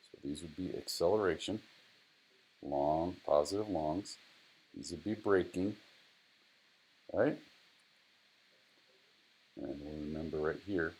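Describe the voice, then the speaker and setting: A middle-aged man, a driving instructor, talks casually through a screen-recorded data tutorial, repeating himself and chatting to his software. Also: rumbling low, vocal fry, breathy edge.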